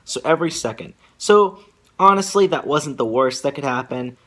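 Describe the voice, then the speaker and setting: A young man telling a casual vlog story, rambling and filler-heavy, with animated asides. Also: medium pitch, moderate pace. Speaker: vlogger.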